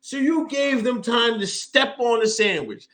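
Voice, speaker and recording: A man's voice: extremely high pitch, a little slow, fairly bright tone. A man co-hosting a podcast in casual chat, rambling with lots of fillers like "you know" and "man". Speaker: podcast co-host.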